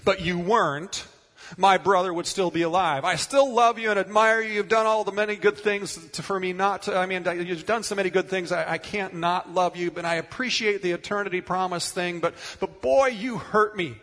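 A man's voice: sits high, moderate pace, fairly bright tone, long reverb tail, voice pushed up. A man voicing Martha, a grieving woman pleading with raw hurt and reproach.

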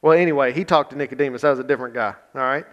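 A man's voice: mid-range voice, racing, a bit bright, dull audio. A male pastor giving a conversational sermon, reading scripture with emphasis and talking plainly with his congregation.

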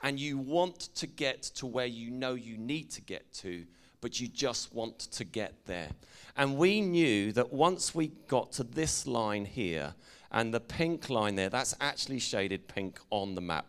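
English man preaching, jokey storyteller who teases the room, easygoing mid pitch. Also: lively intonation, a little slow, smooth. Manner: playful, jokey, engages the audience. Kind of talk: storytelling sermon to a congregation.

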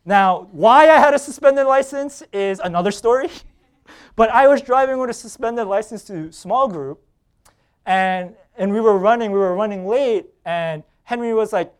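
A man preaching a sermon as pastor, telling a personal story with quoted dialogue and laughter, swinging between loud bursts and hushed lines. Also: sits high, animated, normal speed, smooth.

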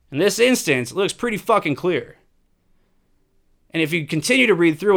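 A man delivers a heated opinion monologue and leans on rhetorical questions and swearing. His voice is smooth and resonant and sits a bit high for a man. He punches his points with emphasis. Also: a bit bright.

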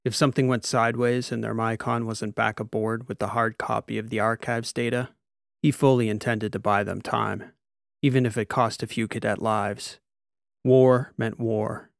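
A man narrating a sci-fi audiobook in a steady, even storytelling voice. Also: medium pitch, moderate pace, gravelly, no echo, studio quality.

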